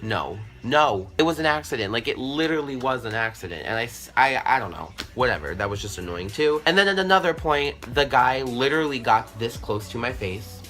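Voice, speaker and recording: A young man tells a story straight to the camera, chatty and animated, with a lot of swearing and filler words. His voice is bright and forceful. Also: medium pitch, fairly quick, few pauses. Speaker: vlogger. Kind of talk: storytime vlog.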